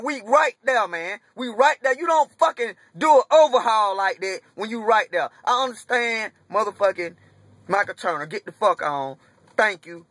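A man's voice: high-pitched, sharp tone, no room sound. A young man ranting in a vlog, angry and profane, repeating himself as he vents. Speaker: vlogger.

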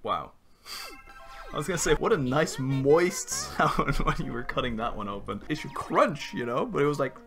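A young man chatting his way through a video game, excitable and quick to laugh, with casual swearing thrown in. His voice swings widely up and down as he reacts, with faint music playing behind him. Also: mid-range voice, vocal fry. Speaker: gaming content creator. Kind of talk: casual gameplay commentary.

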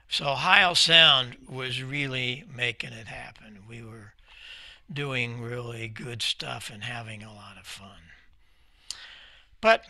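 An older man tells his story to a club audience, gravelly and forceful, breaking into eager exclamations. The sound is dry and close. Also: mid-range voice, no room sound. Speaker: guest speaker at a radio club. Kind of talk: storytelling presentation with slides.

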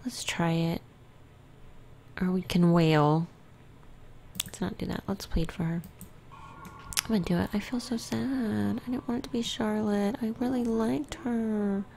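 A woman casually commenting on her own gameplay, often dropping to a soft whisper. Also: mid-range voice, measured pace, creaky, a little hiss or hum. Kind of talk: casual let's-play commentary.

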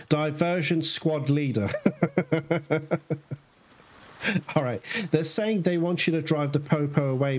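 Slightly high-voiced man gaming. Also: slight background noise. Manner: chatty, talks to viewers, swears casually. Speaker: gamer playing through a game. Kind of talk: casual gameplay commentary.

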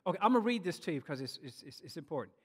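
A man's voice: a little high, big pitch swings, rapid-fire, husky, in a large hall. A male pastor preaching a sermon, urging his congregation on and often restarting and repeating words as he speaks.

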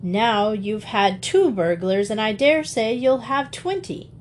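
A woman's voice: on the high side, slow pace, slight background noise. Hearty middle-aged gent, jovial and a bit theatrical, read by a woman, storybook voice. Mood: genial. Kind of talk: audiobook character reading.

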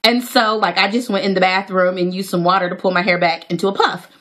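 A woman chatting excitedly to her viewers as she unboxes hair products in a casual vlog. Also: mid-range voice, fast. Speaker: natural hair vlogger.

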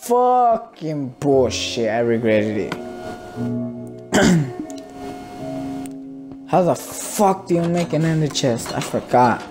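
A man's voice: medium pitch, lively intonation, drawn-out words, long pauses. A man casually commenting on his gameplay, grumbling, swearing and muttering to himself. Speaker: gamer. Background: game music.

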